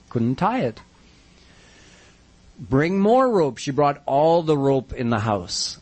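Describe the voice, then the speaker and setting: A man's voice: mid-range voice, darkish tone. A man telling a devotional story as a sermon, narrating vividly and using Hindi devotional terms. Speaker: religious storyteller.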